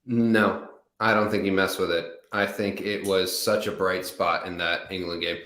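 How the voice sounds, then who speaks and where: American male co-host, deep voice, laid-back sports banter, roomy sound. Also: fairly even intonation, moderate pace, fairly bright tone. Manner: casual, repeats words as he starts sentences. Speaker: podcast co-host. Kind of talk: sports analysis chat.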